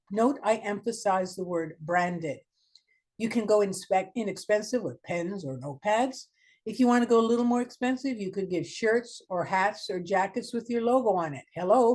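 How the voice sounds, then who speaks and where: A woman's voice: medium pitch, a little mellow. Emphatic woman giving a webinar talk. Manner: direct, emphatic, full of rhetorical questions. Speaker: marketing consultant, guest speaker. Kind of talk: webinar presentation.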